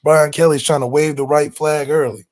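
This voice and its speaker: A man hosting a casual sports talk show, speaking in a fairly high voice. He is emphatic and animated, using slang as he argues his points. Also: normal speed. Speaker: sports podcast host.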